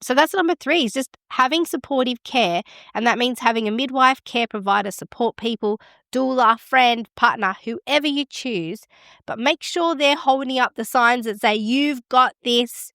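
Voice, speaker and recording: A middle-aged woman with a somewhat high voice talks through advice as a midwife podcast host. She is frank and encouraging, chatting casually. The sound is close and dry, with no room to it. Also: moderate pace, fairly bright tone, dry recording.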